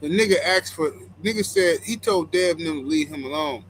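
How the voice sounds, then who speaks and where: A man's voice: a little high, a little fast, slight background noise, low-quality recording. A man co-hosting a podcast, telling stories animatedly in casual chat and mimicking others. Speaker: podcast co-host.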